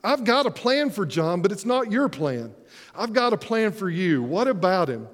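Man voicing firm, steady Jesus. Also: high voice, normal speed, long reverb tail. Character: calm Jesus, grown man, firmly redirecting a disciple.

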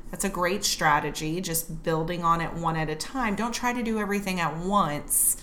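Lowish-voiced young woman teacher, chatty, laughs a lot, faint hum behind. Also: normal speed, a bit bright. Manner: chatty, laughs easily, acts out quotes. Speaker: teacher and podcast co-host. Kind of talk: casual chat.

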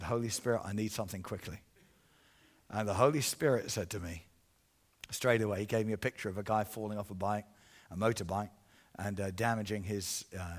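A middle-aged man preaching as an evangelist, telling a story with animated swings between hushed and loud passages. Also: fairly low pitch. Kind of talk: storytelling sermon.

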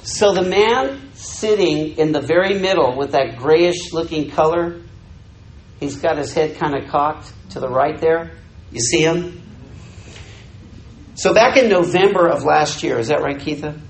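Speaking a little slowly in a slightly high voice, an older man, a missionary, tells his congregation a story during a sermon, animatedly voicing the dialogue and trading jokes with the audience. The recording is rough, with an echoey room.

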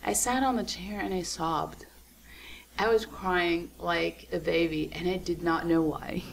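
A young adult woman, a guest runner, chatting casually on a podcast, telling her story with lots of laughs and acting out quotes in a high voice. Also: steady tone, measured pace, gravelly, a little hiss or hum.

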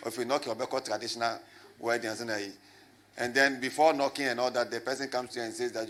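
A man preaching a lively sermon as a pastor, swinging from loud shouts to low asides and calling on the congregation to answer. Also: quick pace, a little hiss or hum. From Ghana. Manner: animated, rising to shouts and dropping low, with call and response.

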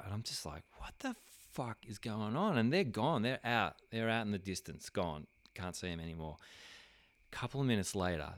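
A man's voice: sits low, no echo. A man casually telling a long anecdote, swearing freely and filling gaps with "um" and "like" as he restarts his sentences. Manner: rambling, profane, many fillers and restarts.

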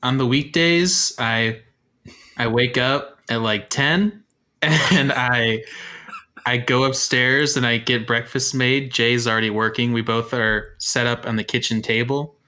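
A man's voice: medium pitch, steady tone, unhurried, sharp tone. A young man co-hosting a podcast, rambling casually with fillers and little laughs. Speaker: podcast co-host. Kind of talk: casual chat.

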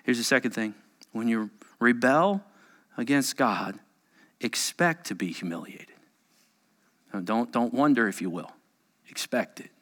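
Animated bright-voiced man preaching. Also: medium pitch, a little slow, pauses often. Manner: animated, acts out quotes in varied voices. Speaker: pastor. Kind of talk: sermon.

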